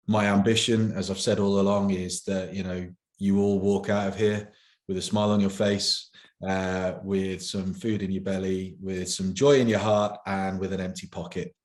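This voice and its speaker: A man's voice: on the low side, darkish tone. A man, the event organizer, chatting casually and joking in a promotional interview. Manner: chatty, joking, self-deprecating. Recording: roomy echo.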